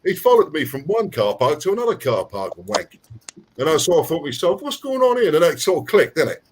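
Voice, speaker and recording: A man swears freely as he spins a casual story on a video call. His pitch rises and falls a lot as he talks. There's a faint hiss behind him. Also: very animated, fast. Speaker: guest host of an online hangout. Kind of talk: casual profane chat.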